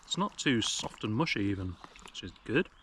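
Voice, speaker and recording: A man's voice: lowish voice, big pitch swings, normal speed, fairly bright tone, a little hiss or hum. A young British man vlogging while sitting outdoors in woodland, chatting in a wry, self-mocking way with rambling jokes, recorded on an action camera. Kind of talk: casual chat to camera.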